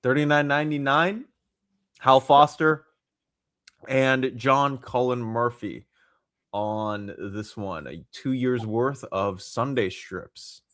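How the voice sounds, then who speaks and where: A man hosting a podcast in casual chat, reading out comic titles and prices with frequent filler pauses. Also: medium pitch, fairly bright tone, no room sound, clean studio sound. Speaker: podcast host.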